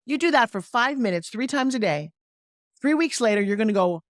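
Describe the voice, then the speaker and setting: Animated, persuasive middle-aged woman pitching. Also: fairly quick, no room sound, clean studio sound. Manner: animated, persuasive, salesy with acted-out quotes. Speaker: guest, sales and pitching coach. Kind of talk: energetic interview talk with live product pitch.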